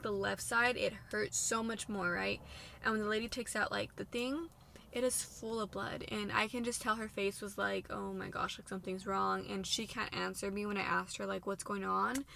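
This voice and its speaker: A young woman in her twenties telling a personal story in a long, run-on way, full of "like", her voice going soft at hard moments. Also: medium pitch, creaky, a little hiss or hum. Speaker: vlogger sharing a personal story.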